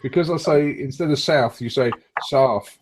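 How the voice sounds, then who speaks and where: A man's voice: a little high, a little fast, slight background noise. A man with a South London accent, chatting casually as a guest on a live stream, cheeky and joking. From England. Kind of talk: casual group chat.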